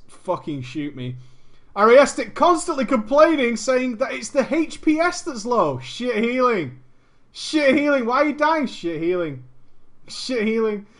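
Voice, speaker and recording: Woman, casual story reading, sarcastic commentary, lively varied pitch, mid-range voice. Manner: sarcastic asides, frequent laughter.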